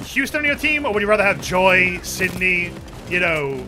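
A young man giving goofy, excitable commentary while streaming a game, with sudden yells. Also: high voice, normal speed. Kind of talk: casual gaming commentary. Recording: game music playing behind.

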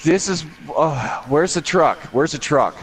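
A man's voice: fairly high pitch, animated, measured pace, faint music behind. A man chatting casually while playing an online game with friends, swearing and exasperated at things going wrong. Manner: exasperated, swearing, laughing at failures. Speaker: gamer. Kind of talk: casual gaming chat.

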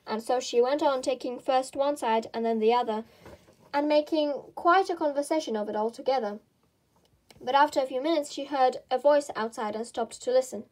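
A woman's voice: high-pitched, moderate pace, darkish tone. Woman reading a storybook aloud. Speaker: storybook reader. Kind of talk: reading a children's classic aloud.

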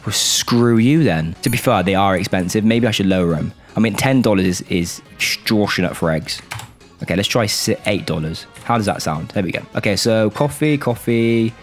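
A young man commentating on a shop game, excitable and exasperated, his voice swinging between high outbursts and low grumbles. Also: moderate pace, faint music behind. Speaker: gaming YouTuber.

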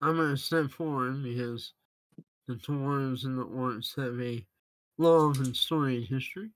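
A man's voice: mid-range voice, unhurried, no echo, rough recording. A man playing a tabletop game, talking in a laid-back way. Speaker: player. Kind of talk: casual tabletop play.

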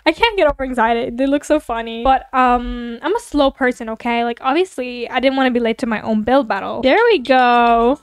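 A young woman with a high-pitched voice chats through a building game with her viewers. She is giggly and excitable, often gushing over the builds. Her voice sounds close and dry. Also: brisk, few pauses, clean tone, dry recording. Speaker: gaming YouTuber. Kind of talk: casual game commentary.

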